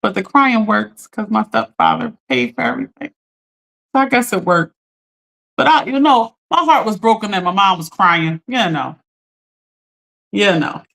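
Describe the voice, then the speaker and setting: A woman hosting a live stream, telling a story in an animated, chatty way, talking straight to her viewers and laughing often. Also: medium pitch, moderate pace, vocal fry, long pauses. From Philadelphia. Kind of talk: casual storytelling to a live audience.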